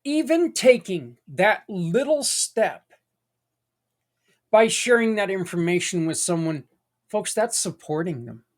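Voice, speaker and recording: A man's voice: high voice, lively intonation, slow pace. A middle-aged man hosting a podcast in a casual, folksy, rambling monologue. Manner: conversational, folksy, rambling with asides. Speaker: podcast host.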